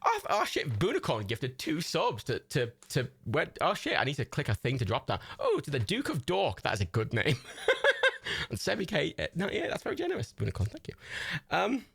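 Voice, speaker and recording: A man's voice: fairly high pitch, wildly swooping pitch, fairly quick, vocal fry, a bit bright, husky, no room sound, studio quality. Rambling, sweary young man. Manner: rambling, sweary, laughs often, self-mocking. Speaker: livestream host. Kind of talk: casual stream chatter.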